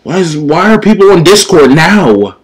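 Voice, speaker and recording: A young man giving casual, excitable reactions while reading a manga chapter, swearing often and calling people dude. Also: a little high, normal speed, slightly rough. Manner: profane, excitable, says dude a lot.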